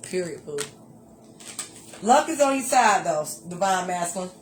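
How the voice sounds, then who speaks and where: A woman giving a tarot reading to her viewers, animated and exclamatory, repeating phrases for emphasis and calling listeners honey. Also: lowish voice, measured pace, faint music behind. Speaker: tarot reader.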